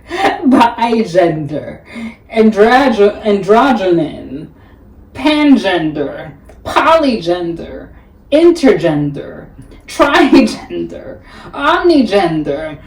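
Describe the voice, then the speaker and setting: A woman's voice: medium pitch, recorded from a distance. Sassy woman, echoey and off-mic. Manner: blunt, sassy, drawls "honey" often. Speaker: reaction video host. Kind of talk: sassy casual commentary.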